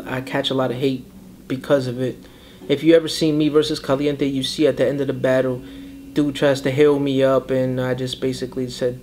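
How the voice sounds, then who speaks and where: A man's voice: medium pitch, slight background noise. A young man telling a story in a casual interview. He tells it animatedly and slips into voices for the people he quotes. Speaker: battle rapper.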